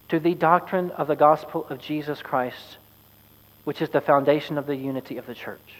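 A man preaching a sermon as pastor, earnest and measured with wry asides. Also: fairly high pitch, long reverb tail, poor audio.

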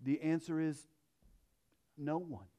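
A pastor preaching a sermon, earnest, dropping to hushed phrases and rising to emphatic ones. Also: male voice, fairly high pitch, fairly even intonation, slow.

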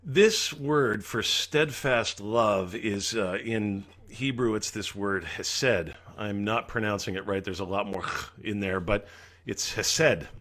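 A man's voice: fairly low pitch, a little slow, a bit bright. Earnest male pastor preaching. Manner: earnest, dramatizes the psalmist's pleas. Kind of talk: sermon.

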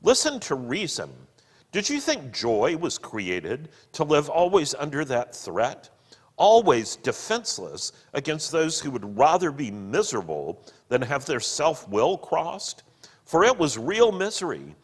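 A man voicing a gentle, radiant heavenly woman who pleads with her husband, slow and earnest. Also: fairly high pitch, wildly swooping pitch, slightly rough, pitched above the performer's own voice, heavily acted. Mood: pleading. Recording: long hall reverb.

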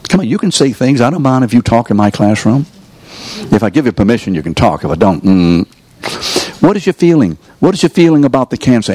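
Low-voiced preacher quizzing his audience. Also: a little mellow, slightly rough. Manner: rhetorical questions, coaxes the audience to answer. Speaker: preacher teaching a course. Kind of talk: sermon. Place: room with a live audience.

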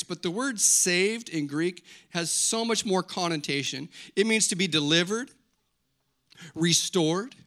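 A man preaching a sermon to a congregation, telling stories with humor and reading scripture with rising emphasis. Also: high voice. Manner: animated, joking storytelling preacher. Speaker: pastor.

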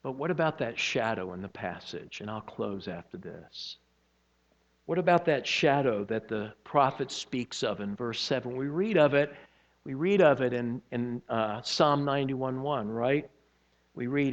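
A male pastor preaching a sermon, telling a personal story with shifts from animated to hushed and earnest. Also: mid-range voice, unhurried, lo-fi sound.

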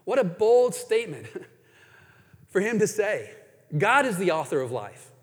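A man with a high, light voice delivers a sermon, earnest and searching. He leans hard on key lines, then drops almost to a hush. His words hang in a long, ringing reverb, as in a big hall. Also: sing-song, measured pace. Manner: earnest, swings from emphatic to hushed. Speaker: preacher.

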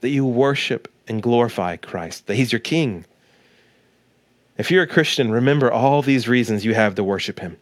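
A man in his thirties, a pastor preaching a sermon to listeners at home, animated and acting out the quoted voices. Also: normal speed, dry recording. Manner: animated, acts out quoted voices with big pitch jumps; direct address to listeners at home.

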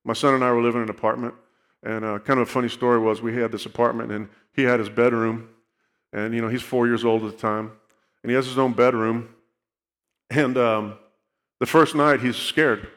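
A man at middle pitch telling a personal testimony from a church stage. He speaks earnestly and keeps checking in with his listeners. A long reverb from the big hall hangs on his words. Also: fairly even intonation, brisk, a bit bright. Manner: earnest storytelling, checks in with "okay?". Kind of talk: sermon testimony.

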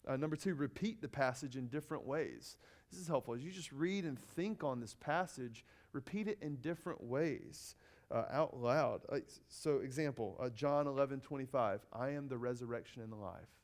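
A man giving an earnest sermon-style teaching, often repeating key phrases and pausing with ums and uhs. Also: mid-range voice.

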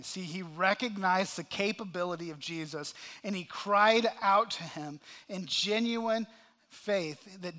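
A man preaching a sermon to a congregation, impassioned, swinging between loud cries and hushed asides. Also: high-pitched, a little slow. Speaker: pastor. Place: church sanctuary.

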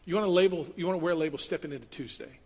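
A man preaching a sermon as pastor, animated, moving from loud emphatic passages to quiet asides. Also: fairly high pitch, racing, vocal fry, breathy edge. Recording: long hall reverb.

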